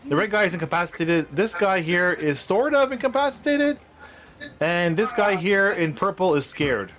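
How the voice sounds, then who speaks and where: A man's voice: sits high, big pitch swings, moderate pace, background noise. Casual man running a tabletop game. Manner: casual, explains rules and scenes with many fillers. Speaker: game master. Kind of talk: narrating a tabletop game for kids over a video call.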